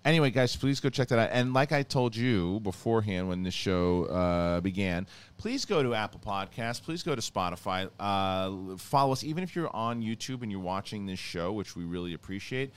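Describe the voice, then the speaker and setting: Teasing, low-voiced male podcast host. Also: expressive, normal speed, smooth. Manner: teasing, loose, swears casually. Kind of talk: casual chat. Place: podcast studio.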